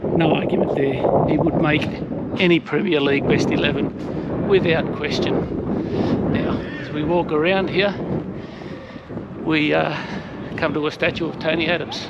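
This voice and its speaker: Gravelly man, middle-aged, anecdotal vlog walking-tour host, noisy outdoor sound. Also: fairly high pitch, fairly even intonation, a little slow, pauses often, lo-fi sound. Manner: chatty, anecdotal, hesitant with fillers. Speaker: vlogger touring a stadium. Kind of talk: casual walking-tour commentary. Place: outdoors around a city stadium. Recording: noisy outdoor street recording.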